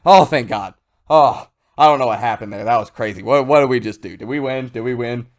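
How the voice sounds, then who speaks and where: A man's voice: mid-range voice, fairly quick, lightly acted. A man voicing a panicky young boy turned dragon who rambles frantically and nervously. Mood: relieved.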